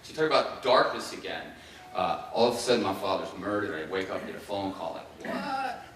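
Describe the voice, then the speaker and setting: A man in his fifties from Ohio giving a keynote speech, telling his own story in a casual, halting way full of fillers and restarts. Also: deep voice, expressive, fairly bright tone, distant mic, slight background noise. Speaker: keynote speaker. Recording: echoey hall, mic away from the speaker.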